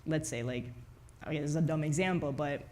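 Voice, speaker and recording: A woman who grew up in Spain, speaking with a Spanish accent as a guest in a relaxed on-stage book conversation, tagging her sentences with "no?" and restarting often. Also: deep voice, fairly quick, a little hiss or hum. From grew up in Madrid, Spain. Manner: frequent tag "no?", many restarts. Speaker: journalist and author guest. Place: event stage before audience.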